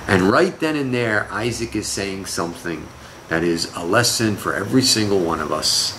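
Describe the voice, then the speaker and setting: A man teaching a scripture lesson as a rabbi, talking with his class in a lively, conversational way. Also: lowish voice, moderate pace, a little hiss or hum, rough recording. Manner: lively, conversational, laughs with students.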